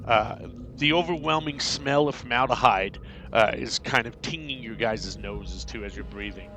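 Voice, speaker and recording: A man narrating a tabletop game as game master, halting and repeating himself with many fillers. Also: medium pitch, bright, forceful tone. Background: background music.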